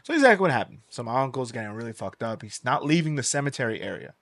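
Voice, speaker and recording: A young man spins a story on a podcast, loose and animated, dropping swear words as he goes. His voice sits at an ordinary middle pitch. The recording is close and dry, with no room sound. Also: racing, no echo. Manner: animated, swears freely, acts out quoted voices. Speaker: podcast host. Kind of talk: casual storytelling.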